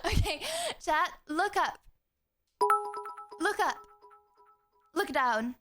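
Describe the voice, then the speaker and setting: A woman's voice: high-pitched, lively intonation, extremely slow. A woman streamer chatting casually and giggly with her live stream audience. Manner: bubbly, giggly, talks to chat directly. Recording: music playing loudly behind. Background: loud karaoke music.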